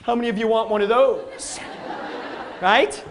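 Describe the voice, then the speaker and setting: Guy doing a motivational speech, lively, keeps saying folks, acts out stories. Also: very high voice, unhurried, slight background noise. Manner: animated, addresses crowd as folks, acts out quotes. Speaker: motivational speaker. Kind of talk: live motivational talk to an audience.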